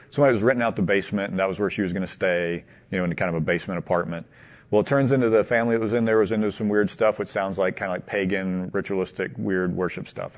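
A man telling a long anecdote to a small group in a casual, halting way, asking them questions along the way. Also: low voice. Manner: animated, halting, many restarts and laughs. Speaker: teacher leading a group discussion.

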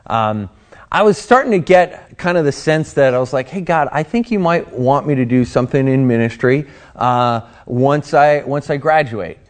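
A young man giving a sermon, telling a personal story earnestly and acting out his own past thoughts. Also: mid-range voice. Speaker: pastor.

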